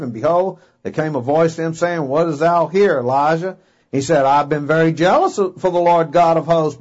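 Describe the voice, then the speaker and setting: Man, preacher, folksy and emphatic sermon, high voice, lo-fi recording. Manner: folksy, emphatic, acts out voices and paraphrases scripture. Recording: dull lo-fi recording.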